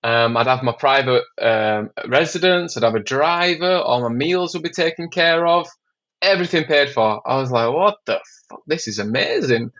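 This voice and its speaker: A man from England, a documentary filmmaker, guesting on a podcast and telling stories in an animated, casual way, swearing a lot and often saying "man". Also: mid-range voice, moderate pace, muffled recording. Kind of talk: casual storytelling.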